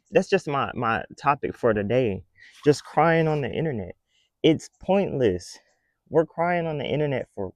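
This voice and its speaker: A man's voice: medium pitch, a little mellow, dry recording. Blunt scolding male vlogger. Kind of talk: casual commentary rant.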